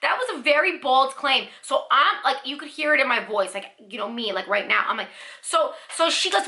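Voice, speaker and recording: High, bright-voiced woman ranting animatedly. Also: a little fast. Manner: animated, indignant, lots of fillers like "like" and "you know". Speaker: beauty vlogger. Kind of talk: casual storytime rant.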